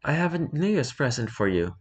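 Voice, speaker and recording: A man voicing a guilt-ridden adult daughter, lifting his voice and speaking softly and pleadingly in a storybook reading. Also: medium pitch, sing-song, brisk, pitched above the performer's own voice, lightly acted.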